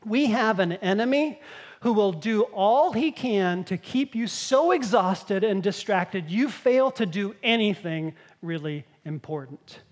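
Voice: mid-range voice, lively intonation, unhurried. A pastor giving a conversational sermon, explaining scripture and acting out the scenes. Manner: conversational, explanatory preaching with acted-out quotes.

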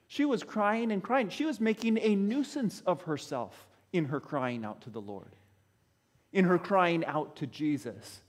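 A man's voice: sits high, expressive, a little slow. A man preaching a sermon who acts out the voices of Bible figures, recorded in a church hall. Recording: long echo of a large hall.

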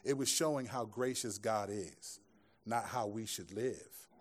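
A pastor speaks at a fairly low pitch and a measured pace, preaching to a live congregation in a church room. He uses a conversational style, pairing scripture with jokes and asides.

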